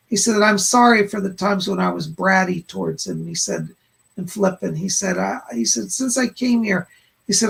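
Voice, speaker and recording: Gravelly husky male psychic host. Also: high voice. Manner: relays spirit messages, frequent "he said" and "hold on". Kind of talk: live-stream psychic readings of chat questions.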